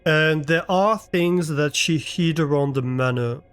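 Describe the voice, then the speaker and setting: Male streamer, slightly raised pitch, unhurried, thinks aloud and chats with viewers. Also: fairly bright tone, clean tone. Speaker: live streamer. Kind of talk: casual chat while playing a game. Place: his own room at home.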